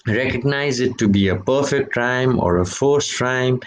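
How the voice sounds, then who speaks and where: A man giving a university lecture on poetry. He speaks slowly and deliberately, often says "okay" and "right", and draws out example words, jumping up in pitch on them. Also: a little hiss or hum, rough recording.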